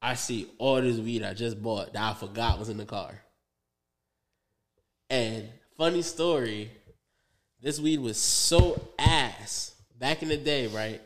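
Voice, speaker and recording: A man's voice: medium pitch, slow. A young man on a podcast, telling a rambling story in loose, profane slang with lots of fillers and asides. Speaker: podcast co-host. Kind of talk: casual storytelling.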